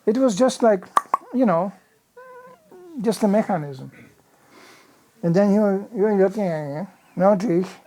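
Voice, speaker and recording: A man's voice: high voice, measured pace, long pauses, mellow, slight background noise. An older man preaching in a temple hall, telling a story with many "you know" asides and acted-out sound effects. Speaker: visiting preacher. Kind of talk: storytelling sermon.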